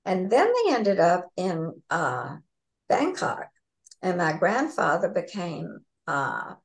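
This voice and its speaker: A woman author, a guest on a video call, telling stories in a lively way. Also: lowish voice, takes it slowly, poor audio. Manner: lively storyteller. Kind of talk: casual interview storytelling.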